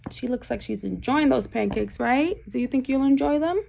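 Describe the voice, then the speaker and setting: A woman teacher from Puerto Rico reads a picture book aloud to young students. Her voice sits a little high, with a gravelly fry. She breaks off the reading often to question the class. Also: fairly quick, few pauses, a little mellow.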